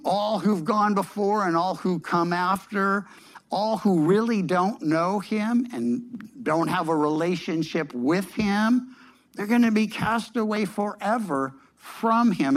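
A man preaching a sermon in an unhurried, conversational teaching tone, often repeating words and restarting his phrases. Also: high voice.

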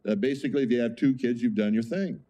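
A man's voice: mid-range voice, fast talker, dark tone, highs cut off. A man preaching a sermon as pastor, conversational, with frequent rhetorical questions to the congregation.

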